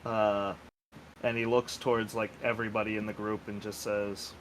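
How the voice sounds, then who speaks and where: A man's voice: lowish voice, flat delivery, normal speed, slight background noise, poor audio. A man playing a tabletop game, chatting casually with many hesitations. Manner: hesitant, filler-heavy. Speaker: player.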